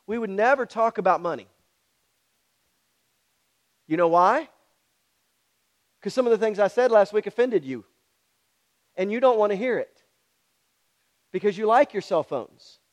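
A man's voice: sits high, expressive, measured pace, long pauses. A pastor preaching a sermon, speaking directly and challenging his congregation with repeated questions.

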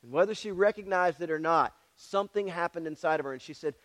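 A man's voice: on the high side, fast talker, a bit bright. A man preaching a sermon, telling Bible stories and checking in with the congregation with frequent asides. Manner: storytelling with frequent "all right?" asides to the congregation; acts out voices in his stories. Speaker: pastor.

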